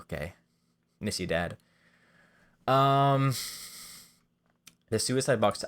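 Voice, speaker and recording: A man casually pitching comedy sketch ideas in a rambling, self-deprecating way, full of fillers. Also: fairly bright tone. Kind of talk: casual monologue.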